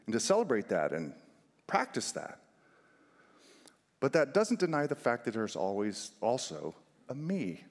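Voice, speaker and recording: A man preaching a sermon, emphatic, stressing single words and swinging his pitch widely to make a point. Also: husky. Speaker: pastor. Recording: long hall reverb.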